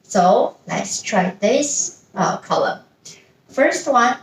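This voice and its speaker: A woman's voice: a little high, lively intonation, takes it slowly, far from the mic. A woman teaching a beginner pronunciation lesson, patiently modeling each sound several times. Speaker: language teacher. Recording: roomy echo, voice a bit off-mic.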